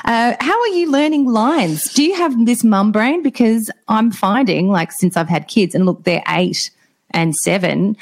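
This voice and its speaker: A woman's voice: a little high, lively intonation, measured pace. A woman with an Australian accent in her thirties, co-hosting a podcast in a chatty, laughing, self-teasing way. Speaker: podcast co-host. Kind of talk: casual podcast chat.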